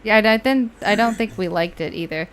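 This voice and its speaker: A woman streaming a video game with a friend, chatting casually in an animated, giggly, teasing way. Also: mid-range voice. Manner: animated, giggly, quick to tease. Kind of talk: casual gameplay chat.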